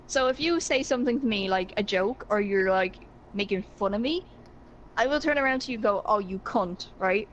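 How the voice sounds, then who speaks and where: Chatty Irish woman, high voice. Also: brisk, muffled recording, a little hiss or hum. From Ireland. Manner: chatty, many "like" fillers. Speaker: guest. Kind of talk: casual chat.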